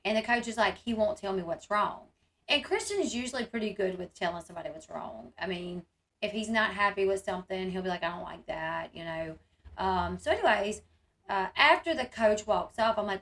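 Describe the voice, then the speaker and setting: A woman's voice: mid-range voice, brisk, a bit bright. A woman, telling viewers a rambling family story, full of fillers and quoted dialogue. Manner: chatty, rambling, many fillers and quoted speech.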